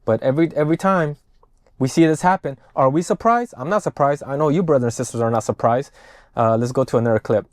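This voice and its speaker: A man's voice: mid-range voice, quick pace, no room sound, studio quality. A man giving profane, ranting reaction commentary on news clips. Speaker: political commentator.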